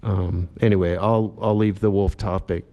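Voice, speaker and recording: A man speaking at a public commission meeting, talking in a halting way with many fillers and restarts. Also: low-pitched, lo-fi sound. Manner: self-described monotone delivery. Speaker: agency director at a commission meeting. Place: meeting room.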